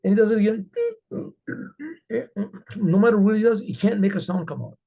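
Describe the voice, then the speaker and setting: Husky, gravelly high-voiced man telling a story. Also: fairly quick, dark tone, highs cut off. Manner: rambling, with many fillers and frequent throat clearing. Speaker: rabbi. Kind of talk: storytelling talk.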